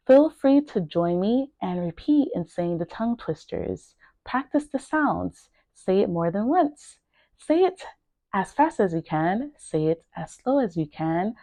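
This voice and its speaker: A woman teaching English pronunciation, saying tongue twisters slowly and deliberately, word by word. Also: mid-range voice, dark tone, highs cut off. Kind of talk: pronunciation lesson.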